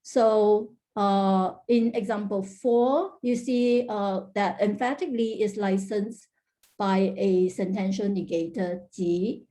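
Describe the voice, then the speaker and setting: A woman's voice: mid-range voice, fairly even intonation, slow, dark tone. A woman presenting linguistics research at an online workshop, explaining carefully with many hesitations and fillers. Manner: frequent "uh" fillers and restarts, careful explanatory delivery. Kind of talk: academic conference presentation.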